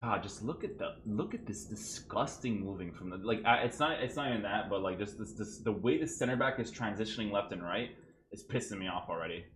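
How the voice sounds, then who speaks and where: A man's voice: fairly low pitch, a little fast, fairly bright tone, slight background noise. A man commentating his own gameplay clips, exasperated and ranting, often checking in with "right?". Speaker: gaming YouTuber reviewing his own clips. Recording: echoey room.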